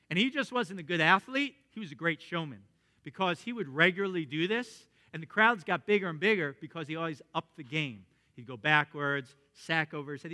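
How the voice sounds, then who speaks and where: A man pastor preaching a sermon as a lively storyteller, swinging from excited outbursts to hushed tones. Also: fairly high pitch.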